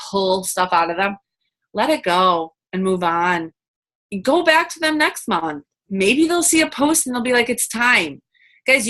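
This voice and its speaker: A woman's voice: fairly high pitch, sharp tone. A woman giving a chatty, upbeat coaching talk over a video call, full of fillers and quoted asides. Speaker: team coach.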